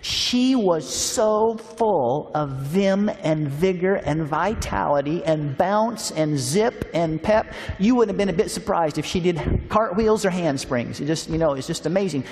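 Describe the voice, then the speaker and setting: A male preacher spinning a folksy, humorous story in a sermon. His voice sits fairly high. A long reverb trails behind him, as in a large church hall. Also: expressive, unhurried, darkish tone.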